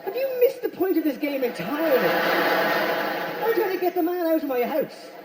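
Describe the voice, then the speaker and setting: A man doing a stand-up routine, riffing quickly with the crowd in a large venue. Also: very high voice. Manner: rapid, animated, riffing with the crowd. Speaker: stand-up comedian. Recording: echoey hall from far off.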